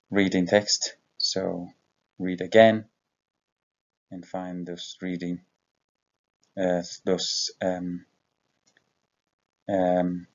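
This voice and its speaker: Slow, gravelly-voiced man teaching vocabulary. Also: sits low, a bit bright. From Ethiopia. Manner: slow, patient, with many fillers and self-corrections. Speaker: English teacher. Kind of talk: recorded vocabulary lesson. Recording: dull lo-fi recording.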